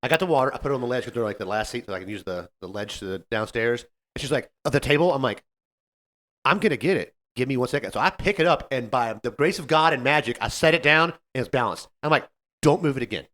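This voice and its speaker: Male podcast co-host, quick-talking storyteller with a lively voice who acts out the people in his stories. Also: mid-range voice. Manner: animated, acts out customer quotes. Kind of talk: casual storytelling chat.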